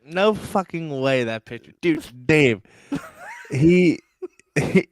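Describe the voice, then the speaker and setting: A man's voice: on the high side, animated, slow pace, a little hiss or hum. A man co-hosting a sports podcast in casual, profane chat with a Philadelphia accent, often breaking into laughter. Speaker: podcast co-host.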